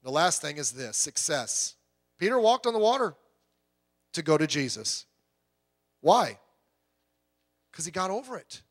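A man's voice: on the high side, big pitch swings, unhurried, pauses often. A middle-aged man preaching a sermon in a folksy, joking, conversational way.

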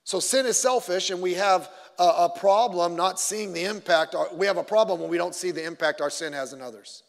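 Middle-aged male pastor, high voice, animated sermon delivery, echoing church hall. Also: fairly quick, creaky. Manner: animated storytelling with stammered restarts, acting out voices. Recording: long hall reverb.

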